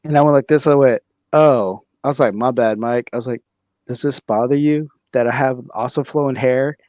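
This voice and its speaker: A man's voice: mid-range voice, steady tone, darkish tone, no room sound, clean studio sound. A young man co-hosting a comedy podcast, telling rambling stories full of restarts and fillers. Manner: halting, many restarts and 'like'. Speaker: podcast co-host.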